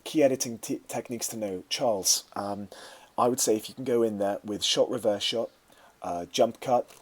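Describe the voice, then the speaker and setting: Male teacher, lowish voice, relaxed live-stream Q&A, lots of ums. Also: normal speed. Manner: conversational, answers viewer questions with many fillers. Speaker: media studies teacher.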